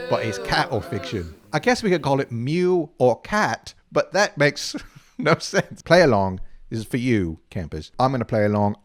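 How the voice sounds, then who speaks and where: Goofy, animated man hosting a kids' game. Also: medium pitch. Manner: goofy, playful, self-mocking. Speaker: camp counselor host.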